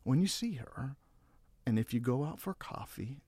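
Appearing as a guest counselor on a podcast, a man gives relationship advice and acts out quoted voices with big leaps in pitch. He sounds expressive, mellow and slightly breathy, speaking at a moderate pace with no room sound.

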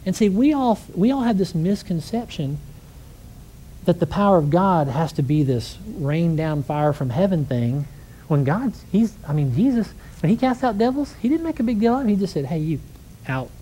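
A man preaching a conversational sermon, telling stories with lively energy and asking the congregation rhetorical questions. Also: high voice, normal speed, slight background noise.

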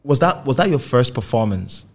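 A man hosting a music podcast, asking short probing follow-up questions in a relaxed interview. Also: mid-range voice, moderate pace. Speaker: podcast host, music journalist. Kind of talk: conversational interview.

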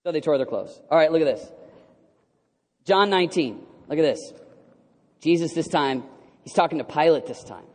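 A man preaching a sermon in an animated way, rising to loud exclamations and dropping to a hushed near-whisper. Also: a little high, normal speed, long pauses. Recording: hall with long reverb.

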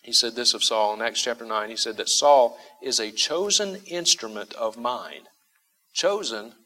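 A male pastor delivering a sermon in a bright, forward voice. He presses his points with emphatic repetition and throws rhetorical questions out to his listeners. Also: medium pitch, normal speed. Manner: emphatic, repeats key phrases for stress; asks the congregation rhetorical questions.

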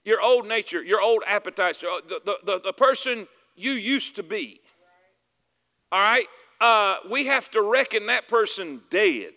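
Southern preacher man, high bright voice, keeps asking y'all with me, echoey church hall. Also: expressive, measured pace. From Southern United States. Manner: calls for "amen" and "y'all with me", repeats phrases for emphasis. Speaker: pastor. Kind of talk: sermon.

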